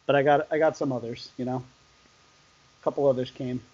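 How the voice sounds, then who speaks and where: A man co-hosting a casual live stream, excitable and quick to laugh, often trailing off mid-sentence. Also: mid-range voice. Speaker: co-host of a live stream show. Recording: dull, lo-fi stream audio.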